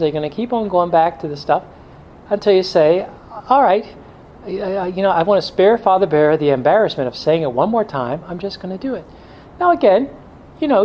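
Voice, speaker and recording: A man's voice: on the high side, a little mellow, slight background noise, low-quality recording. A middle-aged male pastor giving a blunt, joking talk to a men's group, now and then mimicking excuses in a whiny voice.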